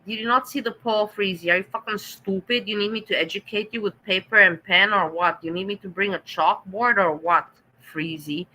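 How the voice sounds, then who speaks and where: A woman's voice: medium pitch, normal speed, hardly any pauses, bright, forceful tone, slight background noise, rough recording. A woman with a German accent hosting a casual livestream, reading the chat and answering viewers with sarcastic teasing.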